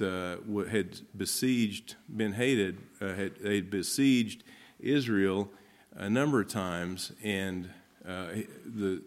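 Man preaching a sermon, scripture and commentary. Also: lowish voice. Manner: reads scripture aloud then explains it conversationally. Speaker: pastor.

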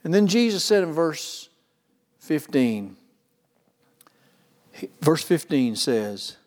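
Preacher in a reverberant hall. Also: male voice, on the high side, big pitch swings. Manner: earnest, slows down for emphasis, rises and falls in loudness. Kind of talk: sermon.

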